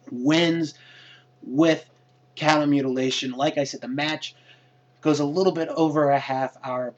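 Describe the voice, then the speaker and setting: A man casually recapping a wrestling show in a hesitant way, often pausing on fillers. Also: mid-range voice. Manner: hesitant, with many fillers and restarts. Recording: lo-fi dull recording.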